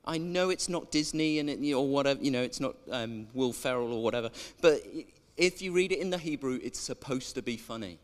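A man's voice: mid-range voice, animated, brisk, hardly any pauses. A man preaching a sermon in a chatty way, drawing in the congregation with questions. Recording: echoey church hall.

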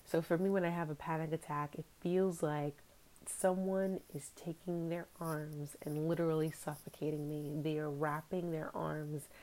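A woman's voice: sits low, steady tone, normal speed, dark tone. A young adult woman hosting a podcast, telling a personal story candidly and acting out what others said. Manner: candid, reflective, quotes others in dialogue. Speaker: podcast host.

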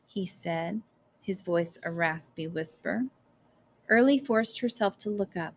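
A woman narrating a story aloud in a measured, careful storytelling manner. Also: fairly low pitch. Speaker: audiobook narrator. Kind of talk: scripted narration.

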